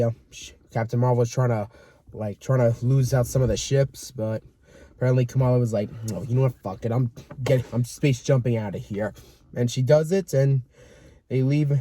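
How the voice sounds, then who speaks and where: A man's voice: medium pitch, mellow. A young man co-hosting a casual movie review chat, retelling a plot in a hesitant, rambling way with many ums. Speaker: co-host.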